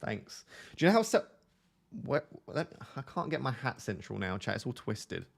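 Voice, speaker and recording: A man's voice: mid-range voice, big pitch swings, normal speed, creaky. Chatty nasal man streaming live. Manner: chatty, jokey, drifts between topics. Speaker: fantasy football live streamer. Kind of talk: casual live stream, reading chat aloud. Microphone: desk microphone.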